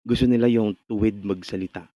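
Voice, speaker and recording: A man's voice: lowish voice, fairly even intonation, quick pace, mellow, no room sound. A man with a Filipino accent lecturing on radio delivery. He speaks conversationally, often restarts and checks in with the class by asking "no?".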